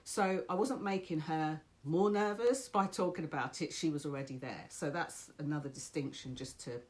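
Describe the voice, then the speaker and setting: A woman's voice: deep voice, normal speed. A woman giving a casual motivational talk, telling a story and encouraging her viewers. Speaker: motivational speaker.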